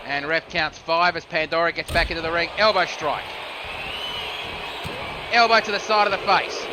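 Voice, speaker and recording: A man with a fairly high voice gives solo play-by-play of a video game wrestling match, calling each move in a steady stream. He jumps up in pitch and volume when a pin is kicked out of or a move is reversed. Clear background noise runs under his voice. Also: moderate pace. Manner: steady move-by-move calls, rising sharply on near falls and reversals. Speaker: play-by-play commentator.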